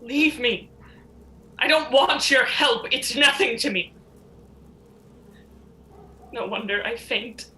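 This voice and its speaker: A woman's voice: on the high side, takes it slowly, pauses often, pushed and bright. A young woman, a student actor, playing a grief-worn old queen in a stage tragedy, bitter and despairing but proud. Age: young adult.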